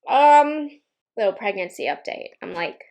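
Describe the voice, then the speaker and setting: A woman's voice: medium pitch, lively intonation, measured pace, creaky, darkish tone. A young woman vlogger, pregnant and a little out of breath, giving candid, opinionated makeup reviews at her table at home. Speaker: beauty vlogger. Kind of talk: casual makeup review vlog.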